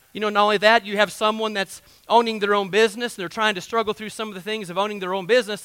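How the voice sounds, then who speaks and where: Folksy high-voiced preacher. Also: male voice, fairly bright tone, no room sound. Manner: folksy, conversational preaching with asides. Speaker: pastor. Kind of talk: sermon.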